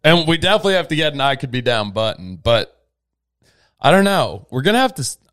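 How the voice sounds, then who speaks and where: A young man in a mid-range voice co-hosts a podcast. His casual chat is wry and teasing, and he drops in quick asides. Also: medium pitch, very animated, a bit bright. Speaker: podcast co-host.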